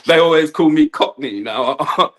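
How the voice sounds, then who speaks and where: A man's voice: on the high side, moderate pace. A man, an electrician chatting casually on a livestream, laughing often and asking "do you know what I mean". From Kent, England. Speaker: guest electrician.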